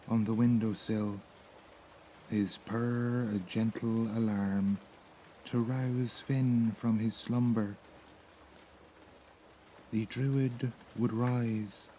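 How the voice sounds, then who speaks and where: A man with an Irish accent reading a sleep story in a soft, slow, soothing voice. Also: fairly low pitch, slight background noise, poor audio. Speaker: narrator.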